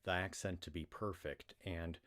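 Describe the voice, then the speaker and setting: Low-voiced American man rambling on a livestream. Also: steady tone, normal speed, fairly bright tone. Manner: rambling, with many restarts and fillers. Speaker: livestream reader. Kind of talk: casual livestream chat.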